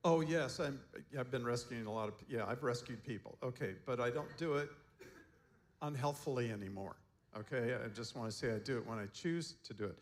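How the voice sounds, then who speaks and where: A man's voice: mid-range voice, fairly quick. Chuckling male seminar storyteller. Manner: relaxed anecdotal telling, chuckling often. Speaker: seminar presenter and counselor. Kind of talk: storytelling talk to a seminar group.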